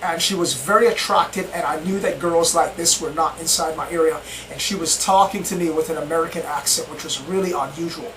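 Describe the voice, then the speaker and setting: A man's voice: a little high, a little fast, few pauses, fairly bright tone, a little hiss or hum, low-quality recording. A man earnestly recounting his own strange experiences in a rambling, repetitive way. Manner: rambling, repeats himself, earnest. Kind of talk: personal account, casual storytelling.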